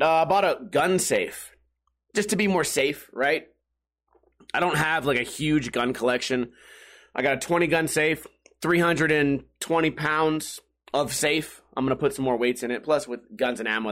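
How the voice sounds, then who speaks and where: Profane, rambling podcast guy, slightly high. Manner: animated, jumpy delivery. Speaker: podcast host. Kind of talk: casual comedic monologue.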